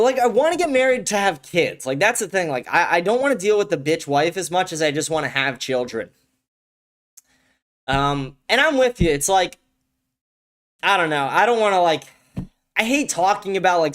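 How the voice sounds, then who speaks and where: A young man with a slightly high voice, hosting his own live-stream commentary show. He rants in heated, profane bursts and hammers the same phrases again and again. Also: a bit bright. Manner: heated, profane ranting with heavy repetition. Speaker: show host.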